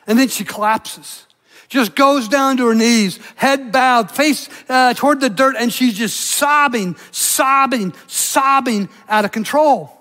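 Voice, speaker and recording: A male pastor delivers a sermon in a notably high-pitched voice. He surges into impassioned declarations, then drops to hushed, intimate asides. The sound carries the long reverb of a large hall. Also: measured pace.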